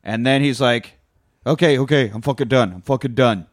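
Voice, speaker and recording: A man casually retelling a movie plot on a podcast, swearing often and animated. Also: medium pitch, a little fast, no echo, clean studio sound. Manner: profane, animated retelling with acted quotes. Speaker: podcast co-host. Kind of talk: casual movie recap chat.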